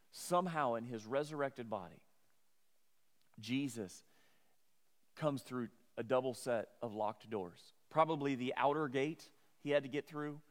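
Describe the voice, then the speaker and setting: A man's voice: on the high side, big-room sound. A middle-aged man preaching a sermon, earnest and conversational, often restarting his words. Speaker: pastor.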